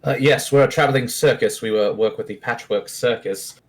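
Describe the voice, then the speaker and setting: A man's voice: mid-range voice, moderate pace, natural voice. A man voicing a prim, polite male circus performer in a tabletop game.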